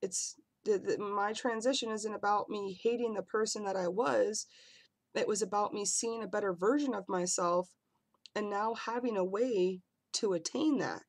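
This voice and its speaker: A man's voice: high-pitched, normal speed. A man vlogging to camera in a casual, earnest way, often apologizing and circling back as he talks. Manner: earnest and apologetic, rambling with restarts.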